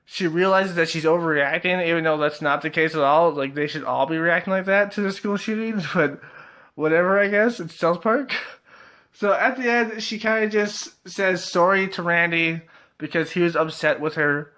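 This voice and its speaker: A man's voice: fairly high pitch, normal speed, bright, forceful tone. Chuckling young man with a raised voice. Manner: laughs often, swears, many fillers. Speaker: TV episode reviewer. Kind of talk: casual video review.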